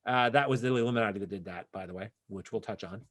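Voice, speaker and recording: A man's voice: on the low side, quick pace. A married man from Canada co-hosting a podcast, chatting casually and joking, with many restarts. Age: adult, married. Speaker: podcast co-host.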